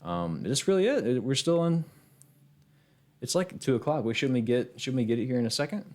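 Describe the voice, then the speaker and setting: A man's voice: mid-range voice, fairly quick. A man streaming a fighting game, chatting casually with viewers and trash-talking his opponents with plenty of swearing. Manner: excitable, profane trash talk to chat. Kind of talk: casual live-stream gameplay commentary.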